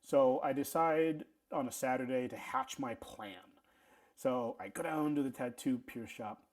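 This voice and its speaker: Animated middle-aged man telling a story. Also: mid-range voice, measured pace. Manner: animated, stammering restarts, lively asides. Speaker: vlog host telling a story. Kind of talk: casual storytelling.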